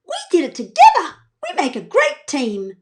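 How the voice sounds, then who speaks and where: A woman's voice: huge pitch swings, normal speed. Woman doing a shrieking pumpkin-headed creature. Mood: excited shouting. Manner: high shrieking yells. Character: excitable pumpkin-headed creature boy, loud.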